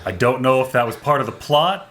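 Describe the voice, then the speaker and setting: A man co-hosting a gaming podcast talks casually at a middle pitch. He tells long stories with a wry, rambling delivery and a lot of asides. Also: animated, brisk, a bit bright. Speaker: podcast co-host. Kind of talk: casual chat.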